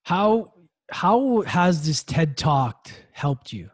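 A man's voice: fairly high pitch, very animated, extremely slow, no echo. Male podcast host, encouraging questioner, dry close mic. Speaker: interview host. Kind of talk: podcast interview.

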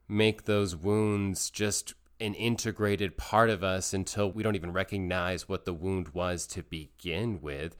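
Deep-voiced guy talking slow and thoughtful, keeps repeating phrases to make his point. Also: clean tone. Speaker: speaker on parenting and emotional healing. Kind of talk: reflective monologue.

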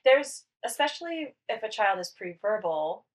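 A woman co-host talks about preschoolers in a quick, chatty way and often cuts in with her own points. She sits a little back from the mic, so her voice sounds slightly distant. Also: medium pitch, big pitch swings. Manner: quick, interjecting. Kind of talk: casual chat.

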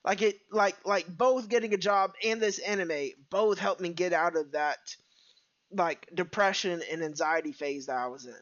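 A man's voice: high voice, normal speed, fairly bright tone, no echo, dull audio. A man co-hosting a casual podcast, talking in an earnest, reflective way and often checking in with "right?". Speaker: podcast co-host. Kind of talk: casual chat.

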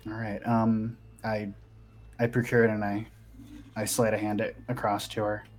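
A man's voice: on the low side, flat delivery, moderate pace, a little mellow, slight background noise. A man taking part as a player in a tabletop game, describing his moves casually.

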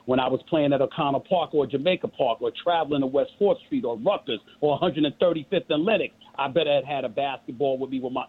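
A middle-aged man with a New York accent comes through a thin, phone-like line, his voice a little husky. He argues with force and emphasis, repeating phrases to drive his point home like a sermon. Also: on the high side. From Queens, New York. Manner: forceful, emphatic and preachy, with repetition. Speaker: guest. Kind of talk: impassioned interview talk.

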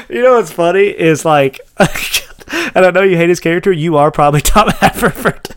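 A man's voice: high-pitched, normal speed, clear, resonant tone, no room sound. A man hosting a casual podcast chat, rambling and laughing as he retells scenes. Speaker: podcast host. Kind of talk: casual chat about a TV show.

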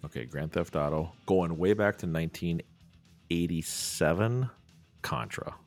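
A man's voice: deep voice, unhurried, vocal fry, faint music behind. A middle-aged man co-hosting a podcast in casual, jokey chat. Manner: jokey, slips into silly put-on voices. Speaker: podcast co-host.

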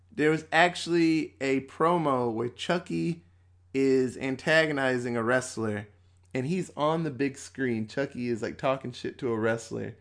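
A man in his thirties, a podcast host, chatting casually and profanely, acting out bits in quick voices. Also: mid-range voice. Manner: loose and profane, acts out quotes. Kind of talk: casual chat.

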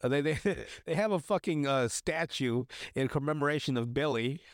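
A young man with a voice on the high side talks at normal speed as he hosts a podcast, recapping a TV episode in loose, crude conversation. He swears a lot and rambles with plenty of fillers and restarts. The recording is studio quality, with no room sound.

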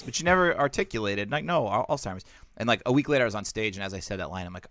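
A man's voice: fairly low pitch, expressive, very fast, fairly bright tone, no echo. A man, a stand-up comedian, telling crude stories in casual podcast chat, laughing often.

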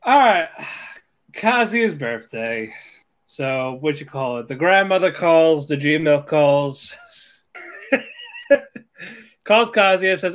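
A man's voice: on the high side, expressive, slow pace, pauses often, a bit bright. A man co-hosting a podcast, casually recapping episodes in a rambling way, swearing and laughing as he acts out characters' lines. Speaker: podcast co-host.

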